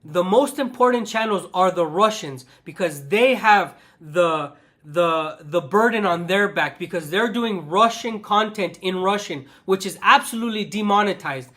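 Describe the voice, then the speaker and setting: A man's voice: sits high, animated, unhurried, fairly bright tone. A man hosting his own channel, talking in a passionate monologue that repeats itself and restarts often. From the West. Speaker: channel host. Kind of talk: ranting vlog monologue.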